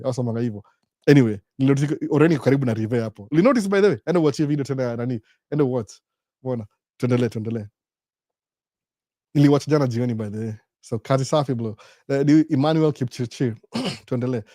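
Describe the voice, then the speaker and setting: This is a middle-aged Kenyan man with a Kenyan accent, hosting a relaxed live Q&A stream. He talks at a brisk clip in a mellow, dark voice, recorded dry and close. He rambles from one story to the next, putting on the voices of the people he quotes. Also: medium pitch, dry recording. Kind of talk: casual live-stream chat mixing Swahili, Sheng and English.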